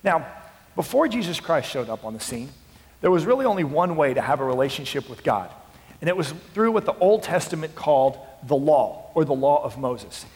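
A male pastor preaching a sermon, dropping to a hush and then rising to passionate shouting. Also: a little high, very animated, brisk. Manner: swings from hushed to impassioned shouting. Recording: long hall reverb.

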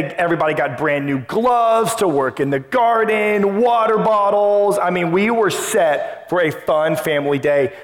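A man in his thirties or forties preaching to his church in a slightly high voice. He tells a family story with lively asides, acting out his own past lines. The reverb of a church hall rings long behind him. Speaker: pastor. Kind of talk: sermon. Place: church sanctuary.

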